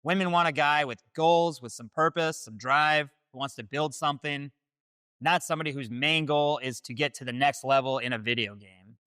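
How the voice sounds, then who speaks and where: Guy hosting a dating advice talk, bright voice, direct and matter of fact. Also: a little high, moderate pace, clear, resonant tone, dry recording, clean studio sound. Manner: direct, declarative. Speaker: host. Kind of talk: scripted dating-advice commentary.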